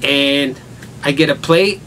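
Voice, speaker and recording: A man's voice: medium pitch, a bit bright, far from the mic, a little hiss or hum, rough recording. A man telling a rambling story at home in a casual vlog, with rain falling outside. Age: adult father with a son. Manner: rambling, laughs hard at his own story. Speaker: vlogger.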